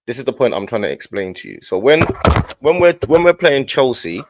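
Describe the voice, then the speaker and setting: Insistent fast-talking man. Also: medium pitch, big pitch swings, very noisy. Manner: insistent, repeats his point, interrupts. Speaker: football podcast host. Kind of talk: heated football debate.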